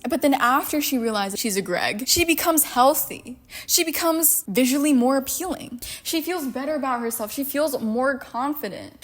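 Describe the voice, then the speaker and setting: A young woman giving a sarcastic, exasperated, profane rant about a book. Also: high-pitched. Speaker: book commentary vlogger. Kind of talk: ranting book commentary.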